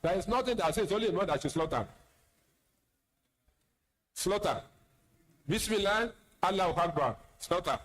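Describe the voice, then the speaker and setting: A man's voice: high-pitched, big pitch swings, moderate pace, pauses often, poor audio. A man with a Nigerian accent, an imam giving a sermon, plain-spoken with teasing asides and repeated words. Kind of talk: sermon lecture.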